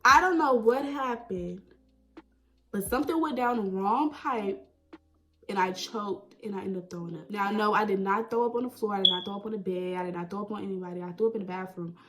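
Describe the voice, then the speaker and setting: A young woman telling a personal story in a chatty, animated way, full of "like" and "right?". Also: medium pitch, brisk, rough recording. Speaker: vlogger. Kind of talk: casual storytime.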